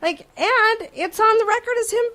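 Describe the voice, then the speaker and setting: A woman hosting a morning radio show, telling a story in an animated, chatty way. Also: very high-pitched, normal speed. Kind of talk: casual radio chat, storytelling. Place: radio studio.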